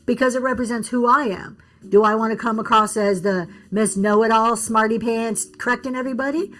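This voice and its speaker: A woman's voice: fairly high pitch, steady tone, brisk, fairly bright tone, faint music behind. A woman giving casual business advice on a livestream, reading and answering comments from chat. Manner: chatty, reads and answers comments, restarts often.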